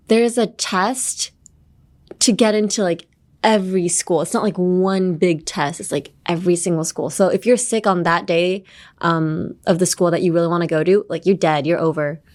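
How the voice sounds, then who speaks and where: A woman's voice: lowish voice, a little mellow. Woman, podcast English teacher, playful and teasing, bilingual asides. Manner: playful, teasing, laughs often; switches between English and Japanese.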